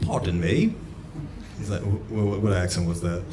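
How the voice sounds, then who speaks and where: A man performing a stand-up comedy set, telling a story and breaking into sudden shouts. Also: low voice, little pitch movement, fairly quick, noisy background. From United States. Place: comedy club stage. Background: audience laughter.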